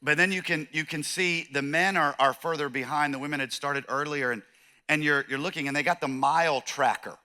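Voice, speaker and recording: A man's voice: a little high, sharp tone. A middle-aged man with a Californian accent preaching a sermon as pastor, in a conversational, joking way, acting out the voices of people in the story.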